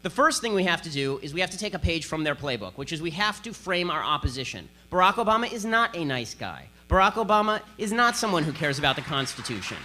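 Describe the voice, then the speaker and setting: A man's voice: fairly high pitch, big pitch swings, fast, hardly any pauses, pushed and bright, a little hiss or hum. A man giving a combative political speech to an audience, sarcastic and emphatic. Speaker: conservative speaker.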